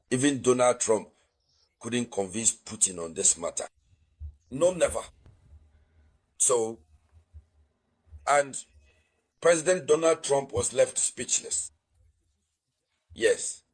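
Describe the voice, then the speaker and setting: A man with a husky, breathy voice delivers a political news commentary monologue. He speaks emphatically, hammers his points by repeating them, and keeps urging his viewers to share. His voice sits at an ordinary middle pitch. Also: poor audio. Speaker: host of a news commentary channel.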